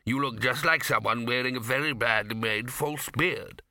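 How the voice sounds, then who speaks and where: A man reading an audiobook, voicing a weary, exasperated senior male wizard with a dry, deadpan delivery. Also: mid-range voice, normal speed, no echo.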